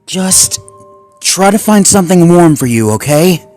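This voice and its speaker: A man voicing an anxious young female husky dog who shivers and worries as she talks, in a storybook reading. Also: high-pitched, expressive, unhurried, a little mellow, soft background music, pitched above the performer's own voice. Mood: urgent.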